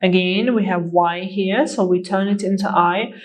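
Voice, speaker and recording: A woman's voice: mid-range voice, steady tone, moderate pace, poor audio. A woman teaching an English grammar lesson, speaking patiently and repeating each word for learners to practise. Her first language is Azerbaijani.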